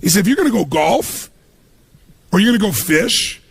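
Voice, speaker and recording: Raspy high-ish guy doing a motivational talk, acts out the people in his stories, dry close sound. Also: expressive, moderate pace, no echo. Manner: storytelling, acts out quoted voices. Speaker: motivational speaker.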